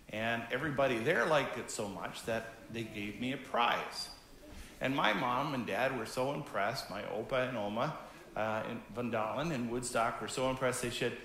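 A man in his fifties, a pastor from Canada, giving a gentle, conversational children's message during a church service. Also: medium pitch, animated, a little slow, roomy sound. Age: 50s. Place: church sanctuary.

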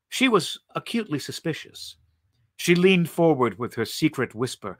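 Expressive man reading a story aloud. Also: mid-range voice, no echo, clean studio sound. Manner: expressive, unhurried narration. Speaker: reader.

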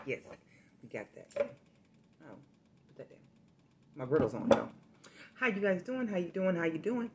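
Chatty woman vlogger with a low voice. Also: normal speed, pauses often, a little hiss or hum. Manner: chatty, addresses viewers directly, animated storytelling. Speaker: food vlogger. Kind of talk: casual eating vlog with storytime.

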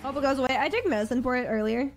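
Gravelly woman streamer roasting chat. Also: high-pitched, rapid-fire, slight background noise, low-quality recording. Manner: crude mocking banter.

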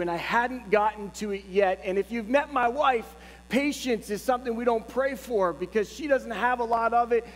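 A middle-aged male pastor preaching a sermon, telling a personal story in a lively, humorous way. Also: extremely high pitch. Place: church sanctuary. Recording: long church reverb, faint hum.

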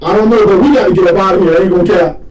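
A man chatting with friends during a horror game, stammering as he excitedly explains what happened. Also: sits high, very fast, reverberant, low-quality recording. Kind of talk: excited gameplay chat.

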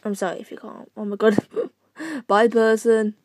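A woman's voice: fairly high pitch, moderate pace, darkish tone, dry recording. A young woman casually commenting on her own game play from her bed, giggling and mocking herself, sometimes dropping to a whisper. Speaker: gaming channel host.

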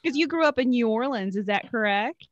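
Woman co-host, fairly high and very animated voice, unhurried, muffled lo-fi line. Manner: enthusiastic, reacts with frequent exclamations and laughs. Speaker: podcast co-host. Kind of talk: casual chat.

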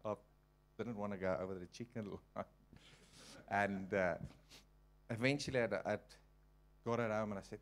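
Low-voiced man preaching. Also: fairly even intonation. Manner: conversational, halting, with frequent restarts. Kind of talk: informal sermon with personal story. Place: church hall.

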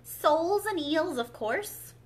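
A woman's voice: very high voice, expressive, voice pushed up, heavily acted. Woman doing an impatient Gryphon. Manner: brisk, impatient. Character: impatient, solemn Gryphon creature.

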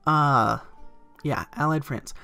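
A man's voice: on the high side, slow, vocal fry, pushed and bright, faint music behind. A man giving let's play commentary, chatting to himself and joking in asides while he plays. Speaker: gaming commentator.

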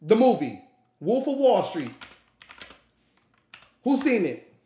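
A man telling a story to a live audience, animated and profane, acting out the people in it. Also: high voice, slow, reverberant, a little hiss or hum. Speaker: streamer.

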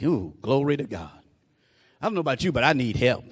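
A male preacher delivering a fervent sermon, calling out to the congregation, peppering his speech with praise and building into shouted, rhythmic refrains. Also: mid-range voice, very animated, fairly quick, slightly rough. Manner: fervent, call-and-response preaching.

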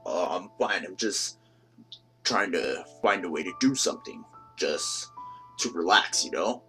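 A man's voice: low-pitched, lively intonation, unhurried, bright, forceful tone, full character voice. A man voicing a grumpy, foul-mouthed cartoon character who groans and swears with exaggerated disgust, over background music.

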